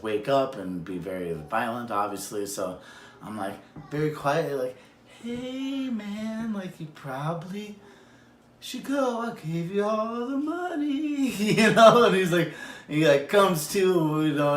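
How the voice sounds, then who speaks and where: A man telling a personal true story on a self-recorded video, acting out quotes with sudden jumps in pitch. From Madison, Wisconsin area. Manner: animated, acts out quotes with big pitch jumps. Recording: echoey room with faint noise.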